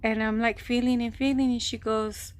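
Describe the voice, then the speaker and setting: A woman telling a long personal story on her vlog, rambling and animated, acting out what people said. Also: on the high side, moderate pace. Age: adult, mother of a grown son. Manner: rambling, animated retelling with quoted voices. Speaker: vlogger. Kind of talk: casual storytelling.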